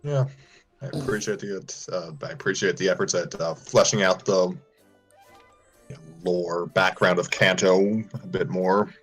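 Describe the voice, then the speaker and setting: A man co-hosting a podcast, talking in a relaxed, hesitant way with fillers. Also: low-pitched, a little slow, slightly rough, faint music behind. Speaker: podcast co-host. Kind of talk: casual chat.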